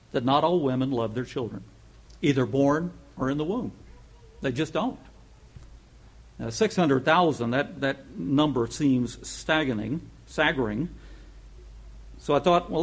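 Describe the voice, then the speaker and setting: A man preaching a sermon in an earnest manner, rising to emphatic peaks and dropping to soft asides. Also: mid-range voice, slightly rough. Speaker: pastor.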